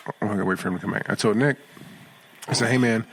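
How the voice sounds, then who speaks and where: A middle-aged man, a podcast co-host, chatting casually and acting out quoted lines loudly as he tells stories. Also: on the low side, racing, creaky, a little hiss or hum. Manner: animated storyteller, acts out quotes loudly. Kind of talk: casual chat.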